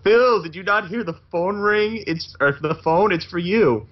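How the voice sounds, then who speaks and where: A man's voice: sits high, moderate pace, voice pushed up, lightly acted. A man voicing an exasperated young woman pleading with her boyfriend, on a muffled lo-fi recording.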